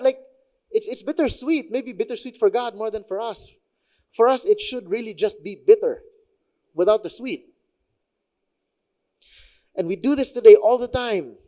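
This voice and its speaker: A man's voice: extremely high pitch, normal speed, long pauses, darkish tone. A young man with a Filipino accent preaching a sermon in a chatty, conversational way, mixing in local phrases. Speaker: pastor.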